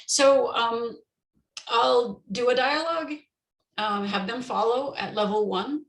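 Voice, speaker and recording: A woman teacher walks through classroom activities in an online conference session. Her voice has a gravelly fry, and she explains in a relaxed way, pausing on ums and restarting phrases. The sound carries an echoey room. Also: on the high side. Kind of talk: conference talk on teaching pronunciation.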